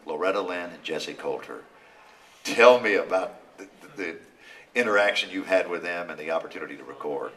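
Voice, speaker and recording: Fast-talking deep-voiced male radio host. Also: animated, fairly bright tone, distant mic. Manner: brisk, plugging shows and asking questions. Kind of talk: radio interview. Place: radio studio.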